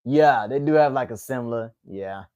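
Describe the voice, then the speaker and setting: A man's voice: medium pitch, moderate pace, a little mellow. Laid-back Atlanta man chatting. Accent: Southern US, Atlanta. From Atlanta, US South. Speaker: livestream host. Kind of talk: casual chat with viewers.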